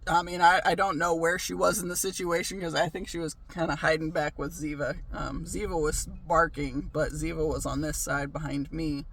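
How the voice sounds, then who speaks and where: A man's voice: fairly high pitch, level tone, normal speed, vocal fry, hardly any pauses, fairly bright tone. A man telling a story in a casual vlog, ranting, swearing freely and laughing often. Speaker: vlogger.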